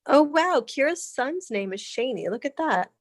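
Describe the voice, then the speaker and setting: A woman in her thirties in casual conversation, chatty and animated, laughing often and restarting her sentences. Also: high voice, moderate pace, no echo. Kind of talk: casual chat.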